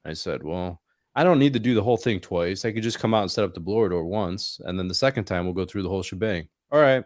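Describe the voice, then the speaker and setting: A low-pitched man talks fast in a studio-quality recording with no room sound. He co-hosts a casual trade podcast and works as an HVAC technician, telling animated work and neighbor stories and laughing often.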